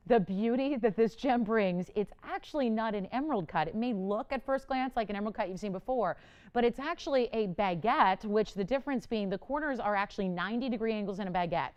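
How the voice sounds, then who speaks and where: A woman's voice: medium pitch, darkish tone, clear, resonant tone. A middle-aged woman hosting a live home-shopping jewelry show, talking in a chatty, enthusiastic and emphatic selling manner.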